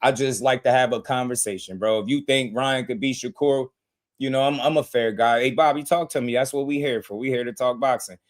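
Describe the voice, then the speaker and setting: Excitable guy, hyping up a boxing fight live, loud then mumbly, laughing a lot. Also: medium pitch, a little fast. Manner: animated, laughing, swings from shouting to muttering. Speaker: boxing podcast host. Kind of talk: excited livestream boxing talk.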